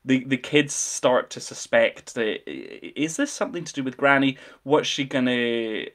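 A man's voice: medium pitch, animated, measured pace, fairly bright tone. A man hosting a film podcast, playful and enthusiastic as he quizzes his co-host. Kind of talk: casual chat.

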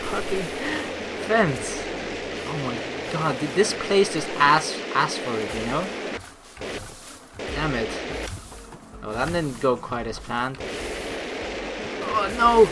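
Animated, excitable gameplay commentator. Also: mid-range voice, heavy background noise. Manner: excitable, swearing, laughs often. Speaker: let's play gamer. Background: game music.

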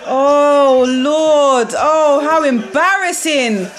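A young woman reacting live to a football match, excitable and quick to shriek and laugh. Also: sits high. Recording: loud crowd noise behind. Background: crowd noise from the match broadcast.

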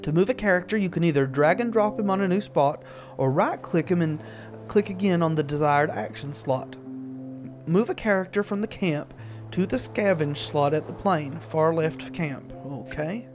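A man giving relaxed, explanatory commentary while playing a video game. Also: a little high, moderate pace, faint music behind. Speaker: gaming video host. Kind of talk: let's-play commentary.

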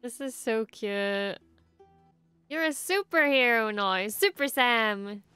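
Excitable woman reacting to a show. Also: on the high side, slow pace, smooth, no room sound, soft background music. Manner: excitable, swears often, gushes. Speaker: reaction video host. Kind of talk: casual reaction commentary.

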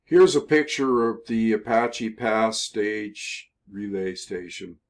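Slow, halting older man telling a story. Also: fairly low pitch, fairly even intonation. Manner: rambling, halting, with many fillers and self-corrections. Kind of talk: casual spoken history narration over photos.

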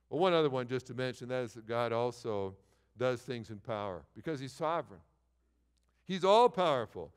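A middle-aged man preaching a sermon, telling stories with lively, stop-and-start phrasing. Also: mid-range voice, normal speed, clear, resonant tone. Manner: animated storytelling with repeated false starts. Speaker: pastor. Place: large church sanctuary. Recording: long hall reverb.

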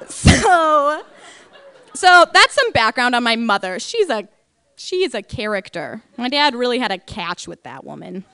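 A woman's voice: on the high side, big pitch swings, a little slow, sharp tone, clear, resonant tone, no echo. A young woman from North Dakota telling a funny personal story on stage, laughing often at herself. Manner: giggly, self-mocking, lots of laughing asides.

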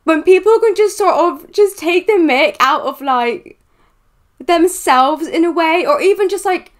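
A young woman with a West Country accent from southwest England hosts a reaction video, chatting and rambling with lots of fillers. Her voice is very high-pitched and lively, and she speaks a little slowly.

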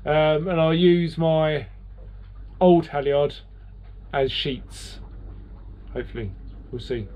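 A British sailing vlogger talks to his viewers from his boat about repairs, rambling and poking fun at himself. His voice is fairly high and slow, with long pauses and a darkish tone. The audio quality is poor.

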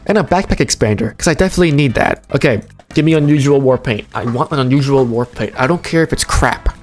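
A young man giving casual, jokey commentary while opening game cases, excitable and swearing, his voice jumping up when he gets hyped. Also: mid-range voice, quick pace, faint music behind. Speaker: gaming streamer.

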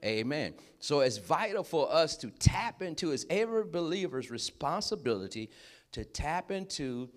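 A man preaching a sermon in a lively, conversational way, breaking in with short affirmations and laughing as he talks. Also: fairly high pitch, moderate pace. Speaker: pastor.

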